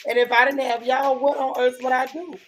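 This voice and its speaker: A woman's voice: high-pitched, little pitch movement, brisk. A woman hosting a casual gossip livestream, chatting with viewers in a sassy way and repeating lines for emphasis. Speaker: host of a gossip and TV recap livestream.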